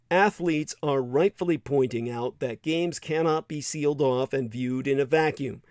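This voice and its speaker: A man's voice: a little high, darkish tone, no echo, studio quality. Indignant man ranting on a livestream. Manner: indignant, blunt, swears freely. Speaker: livestream host. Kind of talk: monologue reading and commenting.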